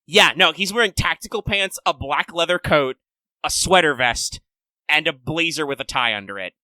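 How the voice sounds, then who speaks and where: Bright, dry-voiced man rambling casually. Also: on the high side, animated, moderate pace, dry recording. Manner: rambling, loose explanations full of "like" and casual swearing. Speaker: podcast co-host. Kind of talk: casual chat.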